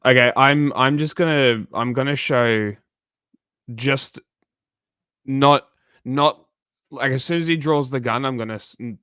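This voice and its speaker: Stream host, man, smooth clear voice, dry close mic, blunt casual reactions. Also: medium pitch, a little slow, pauses often, sharp tone, dry recording. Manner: blunt, swears when reacting.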